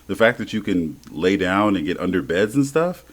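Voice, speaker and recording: Deep-voiced man, animated and laughing. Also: moderate pace. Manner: animated, laughing, slangy and profane. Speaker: podcast co-host. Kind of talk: casual chat.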